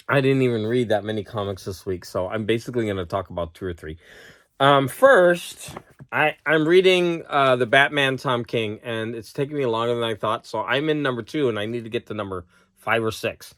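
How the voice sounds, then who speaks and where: Recorded close-up on camera with no room sound, this male teacher and vlogger chats casually from home at a moderate pace in a medium-pitched, slightly bright voice. Still recovering from a cold, he meanders, chuckles a lot at his own anecdotes, and addresses his dog now and then.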